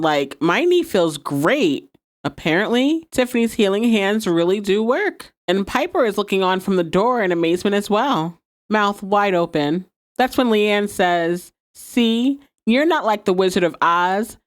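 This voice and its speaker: Podcast host, female, mid-pitch, casual recap delivery with frequent laughs. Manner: laughs often while retelling scenes.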